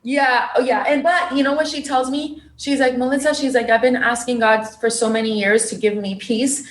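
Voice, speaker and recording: An emotional, animated young woman tells her life story as a podcast guest. Her voice sits fairly high. The recording has a noticeably roomy, echoey sound. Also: normal speed. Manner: emotional, animated storyteller who acts out quotes. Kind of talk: personal storytelling in an interview.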